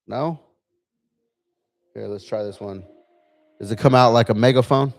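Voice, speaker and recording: A man's voice: medium pitch, a little slow, no echo. A man hosting a casual livestream from a bar lounge, chatty and laid-back, testing his gear as he talks. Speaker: livestream host.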